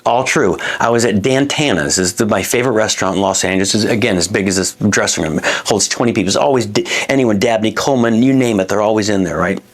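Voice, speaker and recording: A man's voice: on the low side, fast talker, few pauses. A man in his fifties from Florida, a comedian telling a long anecdote in a dressing room, rambling with many restarts and asides. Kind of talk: stand-up style storytelling.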